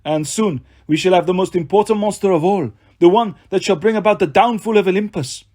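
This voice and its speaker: A man's voice: high-pitched, a little fast, darkish tone. A man reading a storybook, voicing a cold, mocking monster who poses as a schoolteacher. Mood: menacing. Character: menacing male monster posing as a school official.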